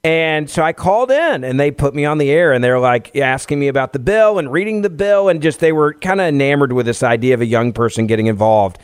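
Guest: man in his forties from Tennessee, lively storyteller, dry booth sound. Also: on the high side, brisk, hardly any pauses, smooth, no room sound. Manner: lively, laughs as he talks. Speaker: guest, radio host. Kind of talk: animated personal storytelling.

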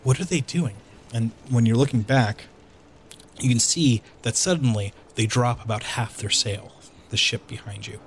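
A man's voice: mid-range voice, slight background noise. A man narrating as game master of a tabletop game, often restarting and filling with ums. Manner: halting, restarts with fillers.

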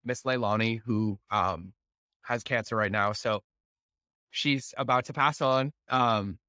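A man hosting a podcast, telling a family story in a casual, animated way and acting out the voices of his wife and son. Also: mid-range voice, slow pace, no echo. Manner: animated, acts out family dialogue with laughs. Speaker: podcast host.

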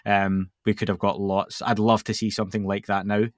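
A man's voice: fairly low pitch, level tone, brisk, no room sound, clean studio sound. A man hosting a podcast, chatting casually and rambling with fillers. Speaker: podcast host.

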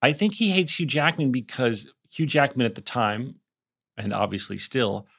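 Male podcast co-host, middle pitch, casual and self-deprecating, talking over a remote call. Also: sing-song, moderate pace, creaky, fairly bright tone. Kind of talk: casual chat. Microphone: remote call mic.

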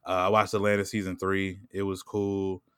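Casting note: low-voiced guy, loose rambling talk full of fillers, dry close sound. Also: monotone, fairly bright tone, clear, resonant tone, dry recording. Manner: rambling, heavy "like" and "you know what I'm saying"; laughs often and puts on quick voices when quoting people. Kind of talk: casual chat.

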